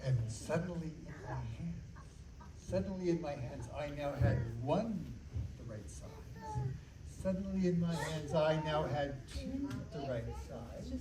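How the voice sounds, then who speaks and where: A male children's magician doing a playful, animated magic show and storytelling in a library, talking with the audience. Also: fairly high pitch, measured pace, far from the mic, a crowd in the background. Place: public library room. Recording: echoey room from afar with kids.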